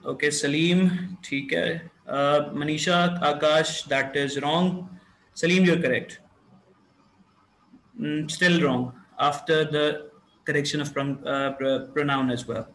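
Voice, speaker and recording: Slow-dictating man teacher. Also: a little high, fairly even intonation, fairly bright tone, slight background noise, rough recording. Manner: slow, deliberate dictation with code-switching to Urdu. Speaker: English teacher. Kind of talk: online class dictating sentences.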